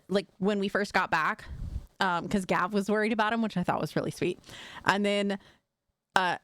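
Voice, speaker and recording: A medium-pitched woman chats casually on a video game live stream, with no echo on her voice. She laughs often and talks sweetly to her pets.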